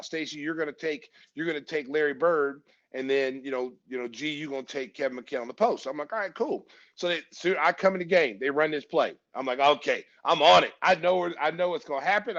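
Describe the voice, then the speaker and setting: A man in his fifties from Oklahoma, a former basketball player and podcast guest, telling stories in a casual, animated way and acting out the voices of people he quotes. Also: on the high side. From Oklahoma, USA. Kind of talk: casual storytelling. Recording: dull lo-fi podcast recording.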